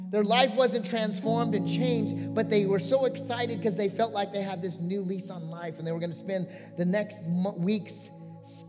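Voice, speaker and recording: A man's voice: high voice, big-room sound. A male pastor giving a sermon, telling a story earnestly and building to a pleading call to his congregation.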